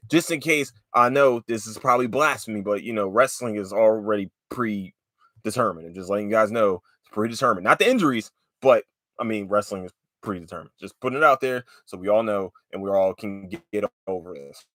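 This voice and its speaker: A man's voice: lowish voice, a little fast, a bit bright, dry recording, clean studio sound. A man in his late twenties or thirties hosting a solo podcast, chatting casually in a loose, rambling way, with frequent swearing and filler words. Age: late 20s to 30s. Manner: rambling and profane, with lots of fillers and loose tangents. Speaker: podcast host.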